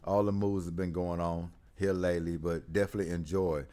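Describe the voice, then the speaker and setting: A man with a very low voice talks through basketball trade news in a loose, animated monologue. He jumps between hype and grumbling, with laughs and whoops along the way. It sounds like a solo sports commentary host talking straight to his viewers. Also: fairly quick. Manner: animated, laughing often, with sudden loud whoops. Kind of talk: casual sports talk monologue.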